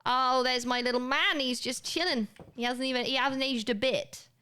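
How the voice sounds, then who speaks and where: A woman's voice: sits high, steady tone, normal speed, pushed and bright, clear, resonant tone. Chatty young woman streaming a game. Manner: chatty, laughing, swears, talks to chat. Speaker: live streamer. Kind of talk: casual gaming livestream chat.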